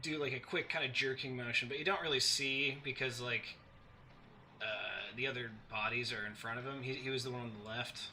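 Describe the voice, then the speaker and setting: A man narrating a tabletop game as game master, halting and full of restarts. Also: mid-range voice, steady tone, bright, forceful tone, a little hiss or hum. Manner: halting, many fillers and restarts.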